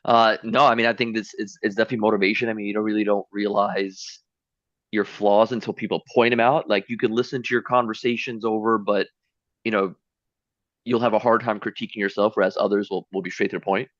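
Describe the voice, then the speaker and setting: A man on a video call as a guest salesperson, halting and humble, repeating words as he talks. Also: fairly low pitch, level tone, a bit bright, dry recording. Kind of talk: casual video call chat. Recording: dull lo-fi call audio.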